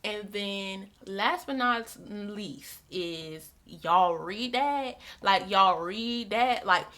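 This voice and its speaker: Young female book vlogger, bright voice, loose chatty delivery. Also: medium pitch, extremely slow. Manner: chatty, repeats herself, many "like" fillers. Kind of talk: casual chat.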